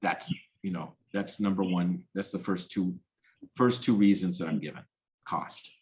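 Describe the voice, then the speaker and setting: A man's voice: deep voice, fairly even intonation, unhurried, darkish tone, highs cut off, slight background noise. A man presenting on policy in a webinar, earnest and self-correcting as he talks. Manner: earnest, with frequent restarts and fillers. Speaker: policy specialist presenting a talk.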